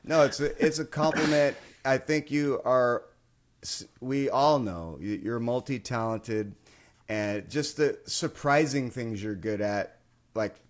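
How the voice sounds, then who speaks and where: A man hosts a podcast in a loose, joking manner, teasing his guest with quick asides. He is heard over a video call. His voice sits at a middle pitch. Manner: jokey, playful, with quick asides. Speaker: podcast host. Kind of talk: casual chat.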